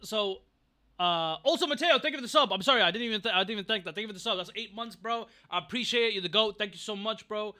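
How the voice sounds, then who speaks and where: A man's voice: high-pitched, fast, bright, forceful tone. A young man chatting casually on a livestream, rambling, getting distracted and thanking viewers from chat. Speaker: streamer.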